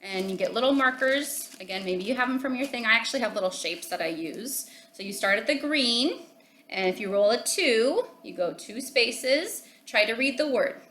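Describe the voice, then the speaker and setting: A woman teacher leads a phonics lesson for young children, speaking in an encouraging, sing-song way and often checking in with "okay?". Her voice is bright and forceful. The sound is echoey, like a bare room at home, with a faint hum of ambience behind her. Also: fairly high pitch, lively intonation, moderate pace.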